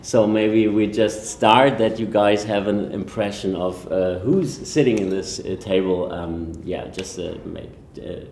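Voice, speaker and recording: Deep-voiced man hosting, hesitant. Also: measured pace, few pauses, a little mellow. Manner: hesitant, many fillers. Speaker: podcast host interviewer. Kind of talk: casual interview. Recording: echoey room, faint background noise.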